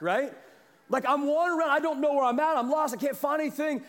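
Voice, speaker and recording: A man preaching a sermon as a pastor, telling a story with animated energy and a slight cough. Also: very high-pitched, fast talker, long reverb tail. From Kansas, US. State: has a cough.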